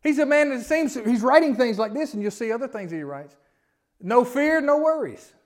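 Man, pastor, higher-pitched voice, emphatic sermon delivery with sudden quiet drops. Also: sing-song, quick pace. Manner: preaching with wide swings from loud emphasis to quiet asides; repetitive, building lists of rhetorical questions.

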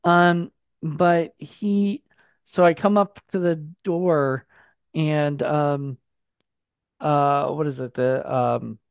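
Man, casual co-host. Gravelly, dry, rambling storyteller. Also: fairly high pitch, steady tone, extremely slow, no room sound. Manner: rambling storyteller, heavy fillers and restarts. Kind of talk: casual chat.

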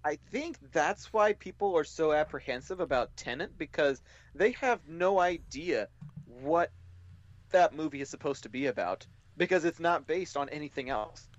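A man's voice: a little high, lively intonation, normal speed, highs cut off. A man co-hosting a podcast, telling rambling, jokey stories in casual chat. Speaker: podcast co-host.

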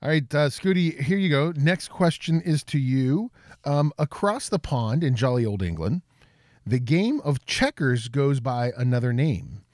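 A man running a quiz segment on a chat show. His pitch swings a lot as he reads the options with mock drama. The sound is dry and close. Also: big pitch swings, unhurried, darkish tone, no room sound. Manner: playful, laughing, reads answer options. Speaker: quiz host. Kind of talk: game segment hosting.

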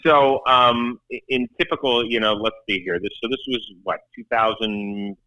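A man's voice: medium pitch, fairly even intonation, moderate pace, pushed and bright, no echo, poor audio. A man hosting a sports show, telling wry, self-deprecating stories in a casual chat on a close studio mic. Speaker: sports TV host.

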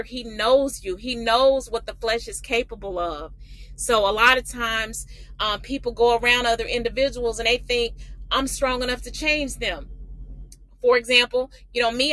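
A woman teaching a livestreamed Bible lesson, reading scripture slowly and then explaining it with emphatic repetition. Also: on the high side, pushed and bright, low-quality recording.

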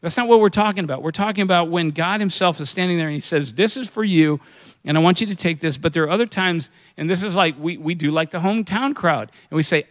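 A man's voice: fairly high pitch, a little fast. A man preaching a sermon in a conversational way, asking his congregation questions and acting out what people say. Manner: conversational preaching, acts out quoted voices, asks the congregation questions. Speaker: pastor.

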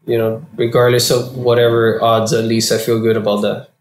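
A man from Florida, a guest in an interview, telling his story casually with heavy slang and swearing, and getting animated when he quotes people. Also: medium pitch, normal speed. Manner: profane and slangy, animated when quoting others. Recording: roomy echo.

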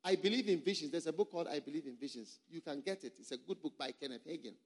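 A man's voice: on the high side, quick pace. A male pastor preaching a sermon to a conference of pastors, emphatic, repeating words for stress and putting questions to the audience.

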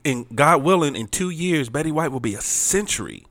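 A man's voice: fairly high pitch, animated, fairly quick, fairly bright tone. A middle-aged man co-hosting a casual podcast chat, laid-back and joking. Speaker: podcast co-host.

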